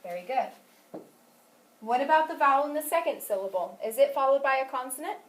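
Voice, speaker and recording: A woman's voice: sits high, lively intonation, brisk. A woman teaching a phonics lesson, asking questions and praising answers patiently. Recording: echoey room, mic at a distance.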